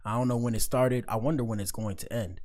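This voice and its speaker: Male commentary host, mid pitch, casual and slangy, lots of interjections. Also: steady tone, fast talker, a little mellow. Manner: slangy, exclaiming, breaks in with asides. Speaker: host reacting to clips.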